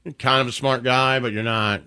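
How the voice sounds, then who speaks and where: A male radio co-host with a bright, forceful voice at a middle pitch. He talks bluntly and dryly, often in clipped replies, during loose studio banter. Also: fairly even intonation, normal speed, clear, resonant tone. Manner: blunt, dry, short answers. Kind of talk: casual on-air chat.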